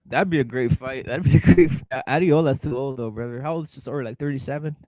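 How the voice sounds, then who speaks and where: A man's voice: medium pitch, fast talker, dark tone, dry recording, poor audio. A young man hosting a casual boxing chat show, blunt and profane, repeating himself and calling his viewers brother as he reacts to live chat. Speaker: boxing talk show host.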